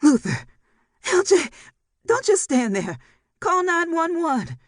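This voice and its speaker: Narrator putting on a shrill panicky grandma, voice jumping way up, pleading and yelling, audiobook. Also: sing-song, slow, no room sound, studio quality, heavily acted. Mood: panicked. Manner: frantic, pleading, shouting. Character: panicked elderly grandmother begging her collapsed husband.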